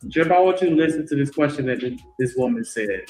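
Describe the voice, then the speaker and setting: A man's voice: mid-range voice, animated, fast talker, darkish tone, echoey room, soft background music, low-quality recording. A man casually reacting on a podcast, scoffing in exasperation at a caller's question.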